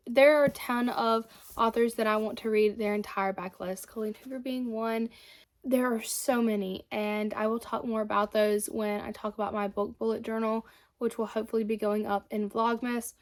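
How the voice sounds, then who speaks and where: A woman, talking books in a relaxed vlog. Her voice sits a little high, and she speaks with a chatty, eager enthusiasm, stopping now and then to correct herself. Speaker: book vlogger. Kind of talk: casual chat.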